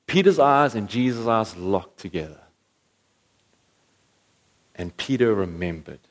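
An earnest man preaching a sermon with a steady mid-range voice. He pushes up to emphatic peaks, then drops back to lower, quieter lines.

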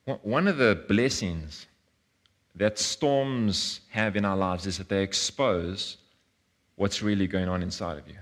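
A man's voice: deep voice, unhurried. Earnest man preaching conversationally. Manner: informal and earnest, often restarting and repeating words. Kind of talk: conversational sermon.

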